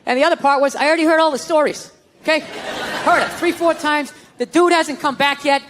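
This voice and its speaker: A man's voice: very high-pitched, steady tone, a little fast, background noise. A man doing a profane, exasperated stand-up comedy rant on a theater stage. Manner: ranting, profane, exasperated storytelling. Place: theater stage before a live audience. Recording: long hall reverb, faint ambience.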